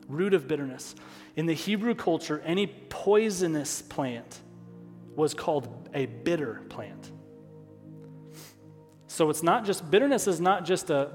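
A pastor preaching a sermon, emotional at times, repeating key phrases for emphasis. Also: male voice, fairly high pitch. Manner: emotional, stops to apologize and regroup. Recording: long hall reverb.

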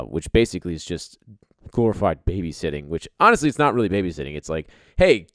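A man's voice: sits low, a little mellow, dry recording. A man in his thirties telling a rambling, profane, sarcastic story in casual chat.

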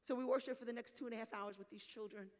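A woman's voice: a little high, fairly even intonation, very fast, in a large hall. A woman pastor preaching a sermon, telling a story and acting out the voices in it, then building to fervent calls to her listeners. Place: church sanctuary.

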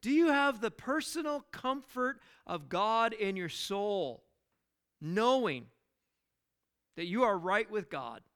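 A high-pitched male pastor preaching in a slow, deliberate rhythm. His voice is smooth and clear, and he leans on rhetorical questions and repeated words. He preaches with earnest conviction. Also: bright, forceful tone. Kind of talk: sermon.

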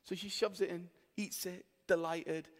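A pastor in his forties with a Yorkshire accent preaches a sermon to his congregation in a chatty, joking storytelling style, bantering with the crowd. His voice sits high with fairly even intonation and a slightly slow pace. The hall has a long reverb.

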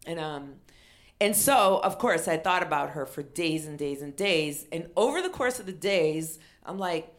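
A middle-aged woman comedian telling a funny story, animated and acting out other people with loud exclamations. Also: low-pitched, normal speed. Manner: animated, acts out quotes with shouted exclamations.

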